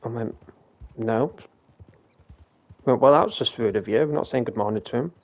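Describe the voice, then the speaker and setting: A man's voice: medium pitch, normal speed, darkish tone. A British man streaming a game, telling a rambling story in a casual way, with frequent restarts and some swearing.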